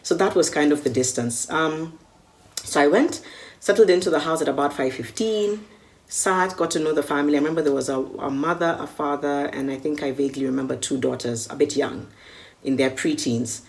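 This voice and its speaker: Low-voiced Kenyan woman telling a story. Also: brisk. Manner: vivid, acts out the dialogue. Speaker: media personality recalling a con. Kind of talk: recounting a personal story.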